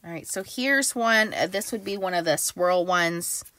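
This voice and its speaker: A woman's voice: fairly low pitch, unhurried, fairly bright tone, no room sound. A middle-aged woman casually demonstrating new stamp sets, chatty and enthusiastic, with fillers. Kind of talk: casual craft product demo.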